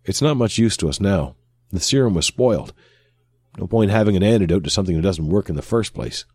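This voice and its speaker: Man voicing a worn-out anxious space crewman, quick and low, dry read. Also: lively intonation, a little mellow, slightly rough, no echo, exaggerated voice. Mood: worried. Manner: brisk, tired and anxious. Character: weary, worried human spaceship crewman.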